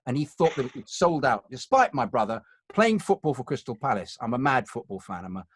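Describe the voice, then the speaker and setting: An English actor with an upper-class accent reminisces as a guest, digressive and full of anecdotes. His medium-pitched voice is very animated and brisk, with a breathy edge.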